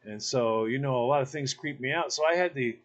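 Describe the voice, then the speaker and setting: A man co-hosting a comedic chat, telling animated stories with stammers and acted-out voices. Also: medium pitch, a little fast. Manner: animated storytelling, stammers and acts out people. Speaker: co-host.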